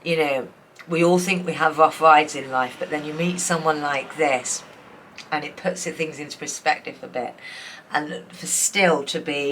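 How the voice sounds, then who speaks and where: A woman's voice: low-pitched, unhurried, fairly bright tone. A woman giving a tarot reading, emotional and tearful, rambling with many restarts. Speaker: tarot reader. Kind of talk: pick-a-card tarot reading.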